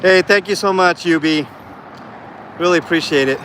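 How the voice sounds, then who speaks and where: During a walking live stream vlog, a man with a high-pitched, fairly bright voice chats with viewers at a moderate pace. He rambles earnestly with many fillers as faint street and traffic sounds drift in from outdoors.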